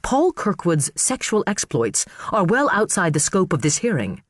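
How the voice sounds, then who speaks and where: Angry snappy lady lawyer, guy voicing her, cutting and lively, dry read. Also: high-pitched, normal speed, no echo, pitched above the performer's own voice. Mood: indignant. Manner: biting, indignant. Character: furious sharp-tongued female prosecutor.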